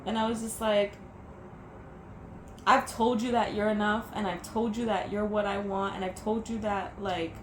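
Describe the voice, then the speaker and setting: A young woman talks about her breakup in a personal vlog, her mid-range voice barely moving in pitch and her pace moderate. She's teary and sniffling, stumbling and restarting with emotion. The recording has room echo and faint noise.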